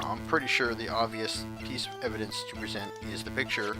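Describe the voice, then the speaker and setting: A man doing let's play commentary, muttering quietly to himself as he plays. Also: lowish voice, fairly even intonation, a little fast, few pauses, over loud music. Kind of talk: game commentary.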